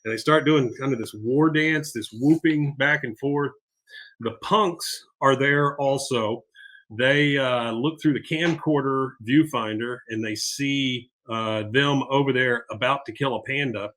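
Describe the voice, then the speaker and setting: A middle-aged man recapping a cartoon episode on his podcast, rambling along with plenty of fillers. His voice is bright and forward. He keeps it loose and casual. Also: medium pitch, a little slow. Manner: rambling, with many fillers and laughs. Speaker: podcast host.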